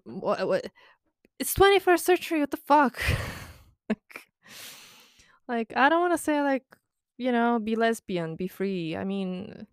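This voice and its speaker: A woman's voice: mid-range voice, clean tone, no echo, clean studio sound. A young woman from the Baltics, talking in a casual, blunt monologue full of swearing, sarcasm and laughter. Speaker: podcast host.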